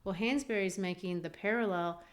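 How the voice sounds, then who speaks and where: A woman's voice: medium pitch, moderate pace. A woman co-hosting a literature podcast, animatedly discussing a play and acting out quotes from it. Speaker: podcast co-host.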